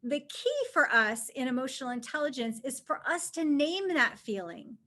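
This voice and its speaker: A woman's voice: high voice, expressive, moderate pace, bright, forceful tone. A woman presenting a live webinar as a leadership coach, talking in a chatty, conversational way and often checking in with the audience. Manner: chatty and conversational, with frequent "right?" check-ins. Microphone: camera mic facing the presenter.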